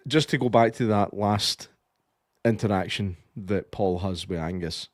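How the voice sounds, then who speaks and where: A man's voice: on the low side, unhurried, dry recording, studio quality. A Scottish man co-hosting a podcast, casually reviewing a film and retelling its scenes with lots of swearing and quoted lines. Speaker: podcast co-host.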